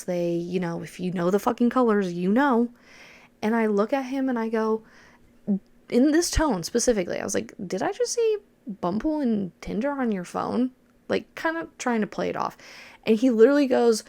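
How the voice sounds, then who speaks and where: A woman's voice: on the low side, gravelly, a little mellow, dry recording. A woman, hosting a podcast and bluntly retelling a personal story, swearing freely. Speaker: podcast host.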